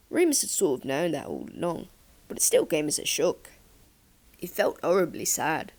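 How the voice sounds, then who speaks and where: A woman narrating a fan-fiction audiobook in a calm, steady storytelling voice. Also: lowish voice, normal speed, vocal fry.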